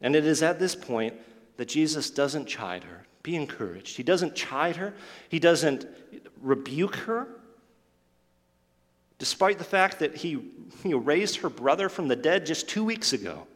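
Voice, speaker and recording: A man's voice: on the high side, expressive, a little slow. Man preaching in an echoing hall. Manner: earnest storytelling, acting out quoted lines. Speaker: pastor. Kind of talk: sermon. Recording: long hall reverb.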